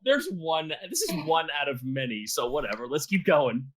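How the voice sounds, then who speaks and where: A woman playing a tabletop game, excitable and swearing casually as she reacts to the rolls. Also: deep voice, normal speed, crowd noise. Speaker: player.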